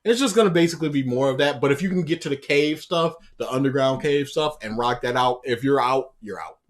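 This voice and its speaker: A man co-hosting a casual anime podcast, rambling with restarts and growing loud and laughing when he retells scenes. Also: medium pitch, fast. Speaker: podcast co-host. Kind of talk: casual chat.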